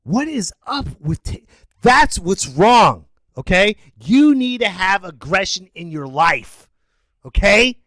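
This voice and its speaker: A middle-aged man hosting a podcast, ranting incredulously and breaking into shouted outbursts. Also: high voice, big pitch swings, slow pace, dry recording. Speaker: podcast host. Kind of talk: ranting monologue.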